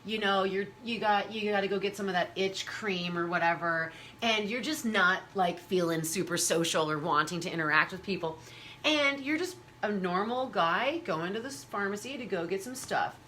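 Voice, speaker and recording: A woman hosts a casual conversation with a bright, clear voice. She talks animatedly and slips into high voices when quoting others, with a faint hiss under the recording. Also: normal speed. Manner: animated, acts out quoted people in high voices. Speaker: host. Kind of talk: casual chat.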